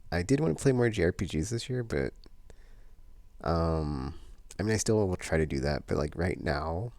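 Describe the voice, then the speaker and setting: A man talks through his plans in a loose, wandering way, piling up fillers and restarts. His voice sits extremely low with a gravelly edge, and the recording is dry. It sounds like easygoing monthly vlog chat. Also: expressive, moderate pace, a little mellow, dry recording. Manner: meandering, many fillers and restarts. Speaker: vlogger. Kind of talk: casual rambling chat.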